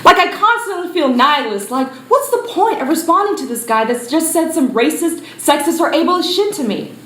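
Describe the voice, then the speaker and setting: A woman's voice: high voice, expressive, moderate pace, a bit bright, echoey room. A woman performing a live comedic theatre monologue, blunt and exasperated, with some swearing. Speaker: stage performer. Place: small theatre stage, indoors.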